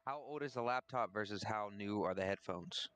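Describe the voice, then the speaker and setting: A man's voice: fairly low pitch, a little fast, fairly bright tone. A man who plays in a tabletop game, joking and offering help in casual chat over a voice call. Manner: joking, helpful. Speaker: player. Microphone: online voice call.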